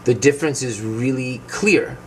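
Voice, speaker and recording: A man, an English speaker, explaining vowel sounds slowly and clearly as a pronunciation teacher. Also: mid-range voice, slight background noise. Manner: tells anecdotes, acts out quoted people.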